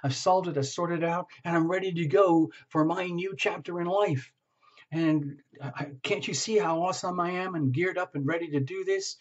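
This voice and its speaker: Male reader voicing an overeager client, boastful and raring to go, pitched up, lo-fi. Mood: excited. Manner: excited, boastful, rushing. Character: fired-up overeager client, man.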